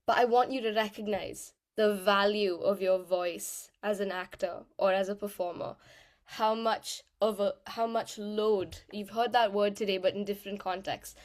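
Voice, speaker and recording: A woman, an actor and singer, giving a lively, encouraging voice workshop talk to an audience in a room. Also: mid-range voice, moderate pace. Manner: animated, encouraging, demonstrates vocal changes.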